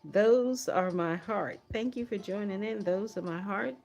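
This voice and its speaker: A woman's voice: medium pitch, unhurried, gravelly, darkish tone, soft background music. A woman hosting a livestream prayer watch, chatting casually, laughing often and reading viewer comments aloud.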